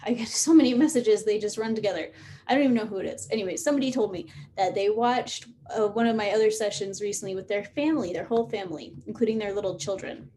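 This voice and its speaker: A woman in her thirties hosts a casual live-stream Q&A, wandering through her answers with plenty of fillers and restarts. Her pitch sits in a middle range, and a faint background hiss runs under the recording. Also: fast, warm tone. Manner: rambling, many fillers and restarts. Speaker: host of a live Q&A session.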